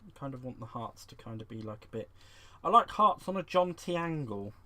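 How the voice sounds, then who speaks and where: A man's voice: mid-range voice, brisk. Bubbly man hosting a live craft stream. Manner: bubbly and excitable, giggles often, fond terms like "sweetheart" and "bless". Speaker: crafting livestream host. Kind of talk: live crafting stream, chatting to viewers while reading comments. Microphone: desk microphone.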